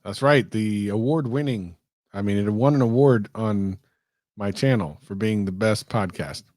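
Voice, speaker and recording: A man's voice: fairly low pitch, moderate pace, a little mellow, no echo, studio quality. A man co-hosting a casual tech podcast in upbeat, easygoing banter. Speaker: podcast co-host.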